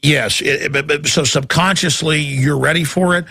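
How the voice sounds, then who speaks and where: A man's voice: on the high side, moderate pace, gravelly, bright, forceful tone. A man hosting a talk show, giving emphatic, rambling, impassioned commentary. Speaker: show host.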